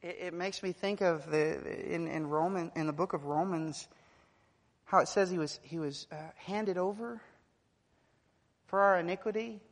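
A man preaching a sermon, swinging from hushed, quiet passages to loud, emphatic climaxes. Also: sits high, moderate pace. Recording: long hall reverb.

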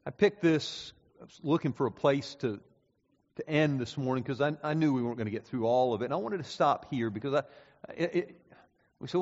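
Pastor preaching in a reverberant hall. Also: male voice, medium pitch, expressive. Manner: swings from hushed and slow to loud climactic preaching. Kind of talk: sermon. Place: church sanctuary. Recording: dull sound with long reverb in a hall.

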